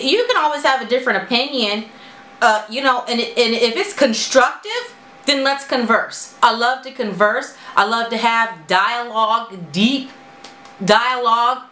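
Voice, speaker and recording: A woman chatting straight to her viewers in a natural hair vlog, animated and outspoken. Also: a little slow, echoey room, rough recording. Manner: animated, talks straight to viewers with lively pitch jumps. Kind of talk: casual chat to camera.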